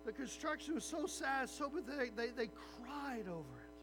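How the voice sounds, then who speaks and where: A man preaching a sermon as a pastor, animated and acting out little voices of his listeners. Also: very high voice, moderate pace, music in the background, poor audio.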